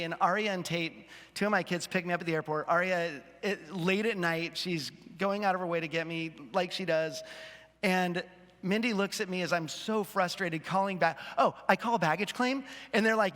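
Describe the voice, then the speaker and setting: Speaking briskly in a high, pushed and bright voice, a man in his fifties shares a self-deprecating story from the pulpit. It's a sermon to his congregation, and the church auditorium gives the recording a long hall reverb.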